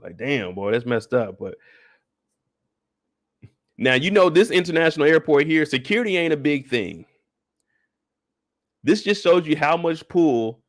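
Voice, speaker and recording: A man casually recapping a show on a live stream, talking in an animated way and acting out the characters in exaggerated high voices, with a relaxed way of speaking. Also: moderate pace, long pauses, no echo, clean studio sound.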